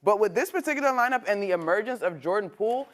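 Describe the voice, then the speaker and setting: A woman's voice: mid-range voice, lively intonation, quick pace. A woman sports analyst on a debate show, conversational and analytical. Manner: conversational, analytical, with laughing asides.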